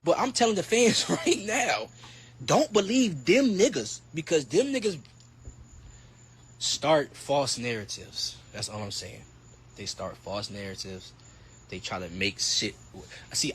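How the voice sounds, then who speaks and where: A man's voice: mid-range voice, sing-song, a little slow, fairly bright tone, slight background noise. A young man in his twenties, a boxer, talking boastfully with a lot of swearing and mockery. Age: 20s. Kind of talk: heated interview clip.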